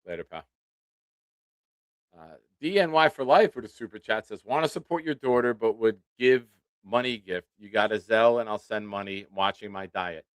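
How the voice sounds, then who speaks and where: A man's voice: on the low side, normal speed, dry recording. Chatty man hosting a live sports stream. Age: 40s. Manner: relaxed, chatty, self-deprecating. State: nursing a swollen tooth. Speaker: podcast host. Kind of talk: casual live-stream chat.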